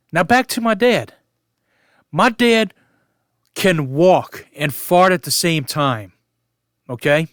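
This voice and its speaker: Man in his forties, fairly high voice, smooth and clear, casual storytelling, stifling laughs, dry close mic. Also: a bit bright, no room sound. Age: 40s. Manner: chuckling, keeps fighting back laughter. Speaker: vlogger.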